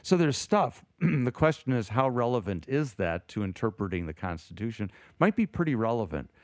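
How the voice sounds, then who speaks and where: Animated man thinking aloud, dry sound. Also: mid-range voice, moderate pace, dry recording. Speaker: podcast co-host, theologian. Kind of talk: casual theological discussion.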